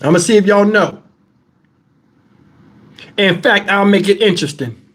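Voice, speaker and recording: A man hosting his channel, telling profane stories to viewers in a casual, animated way and breaking into laughter. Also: high voice, a little slow. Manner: talks straight to the audience with questions. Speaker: channel host telling stories to a live chat.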